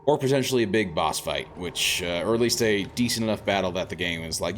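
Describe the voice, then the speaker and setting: A man's voice: deep voice, a little fast, few pauses, slight background noise. A man streaming a video game, thinking aloud in a rambling, self-deprecating way. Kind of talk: casual gameplay commentary.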